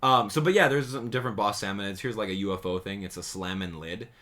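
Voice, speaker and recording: A gaming YouTuber man giving slangy, excitable commentary on a game trailer, swinging between hype and sarcasm. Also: on the low side, fast.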